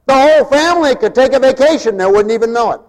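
A man preaching a sermon, mocking and animated, swinging from loud to hushed. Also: very high-pitched, quick pace, soft background music. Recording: long hall reverb.

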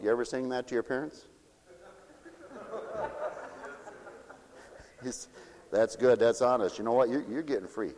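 Preacher man, playful and laughing, big swings from loud to hushed; long hall reverb. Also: medium pitch, animated, unhurried, pauses often. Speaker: pastor. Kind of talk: sermon.

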